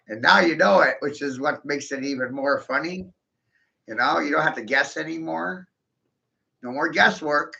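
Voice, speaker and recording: A man's voice: mid-range voice, creaky, pushed and bright, muffled recording. A man in a rambling monologue, boastful and taunting, swearing crudely and laughing often.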